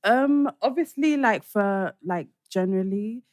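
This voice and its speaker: A young British woman co-hosting a casual podcast chat, relaxed but getting heated in her stories. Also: mid-range voice, a little slow, dry recording, studio quality. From United Kingdom. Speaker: podcast co-host.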